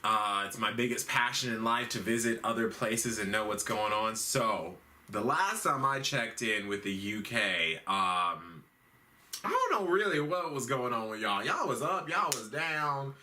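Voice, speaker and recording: Very bright-voiced, profane comedic host. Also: male voice, medium pitch, animated, a little slow. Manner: profane, slangy and rambling. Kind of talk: comedic news recap.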